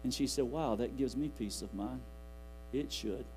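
A man's voice: medium pitch, normal speed, warm tone, low-quality recording. Folksy preacher man. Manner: folksy, rambling, quotes scripture aloud. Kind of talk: sermon. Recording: faint music and mains hum.

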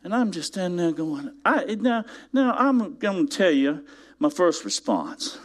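A man's voice: on the high side, a little slow. A man preaching a sermon in church, telling a story with mounting emphasis and asking his congregation rhetorical questions. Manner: animated storytelling, builds to loud emphatic peaks. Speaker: pastor.

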